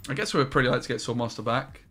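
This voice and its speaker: Young male streamer, bright voice, chatty and profane, casual play-by-play. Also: medium pitch, quick pace, faint music behind. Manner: chatty, swears, chats with viewers. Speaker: card game streamer. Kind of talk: casual gameplay commentary.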